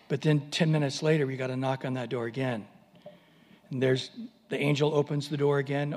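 A man's voice: medium pitch, flat delivery, a little fast, in a large hall. A man preaching a sermon, telling a story animatedly and acting out voices.

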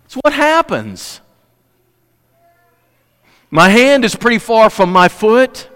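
Male pastor, high smooth voice, passionate preaching with hushed lows, reverberant sanctuary. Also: sing-song, slow. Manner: passionate, swings between loud emphatic peaks and hushed lows. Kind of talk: sermon. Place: church sanctuary. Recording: long hall reverb.

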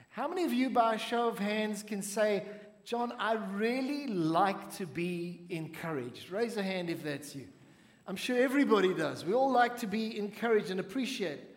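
A man preaching a sermon to a congregation, speaking in measured phrases and asking the audience to respond. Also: high-pitched, roomy sound, big-room sound. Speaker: pastor.

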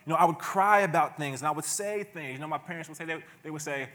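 A man preaching a sermon to his church in a relaxed, conversational way, often chuckling and slipping into playful asides. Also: a little high, fast. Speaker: pastor. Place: church sanctuary.

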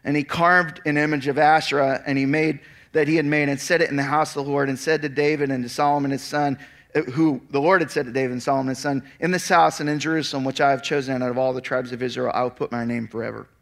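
A man preaching a sermon, reading scripture aloud and then retelling it as a lively story with casual asides. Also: medium pitch, fast, gravelly. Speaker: pastor. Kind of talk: expository sermon.

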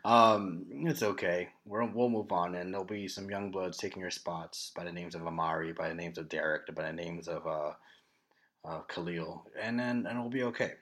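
Playful low-voiced male podcast host. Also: moderate pace, a bit bright. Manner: playful, teasing, mock-dramatic. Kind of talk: casual sports chat.

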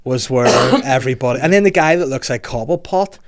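Man, 30s, podcast host, mid-pitched, rambling, chatty. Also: expressive, a little fast. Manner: rambling, laughing, slips into put-on voices. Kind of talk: casual chat.

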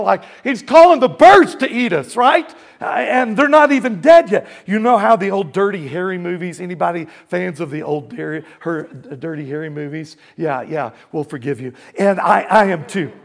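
A man preaching a sermon, with dramatic swings between loud, booming passages and hushed ones, calling out to the congregation for responses. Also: normal speed, gravelly, hardly any pauses. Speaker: pastor.

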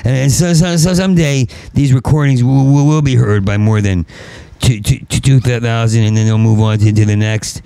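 Man, stand-up comedian, rambling rant, stuttering, gravelly voice. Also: mid-range voice, steady tone, normal speed, no room sound. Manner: stuttering, with repeated syllables; angry, swings into shouting.

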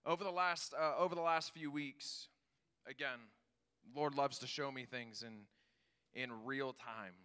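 A man preaching a sermon, telling stories with animated enthusiasm. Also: medium pitch, measured pace, clean tone. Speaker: pastor.

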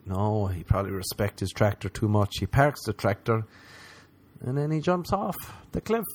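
A man ranting in a comedic monologue, sarcastic and profane, mocking people in high squeaky put-on voices. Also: big pitch swings, moderate pace, darkish tone.

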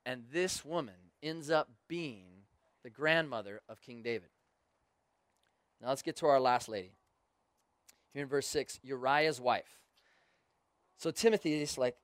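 A man's voice: on the high side, animated, moderate pace, no echo. A man preaching a sermon, retelling stories casually with joking asides to the crowd.

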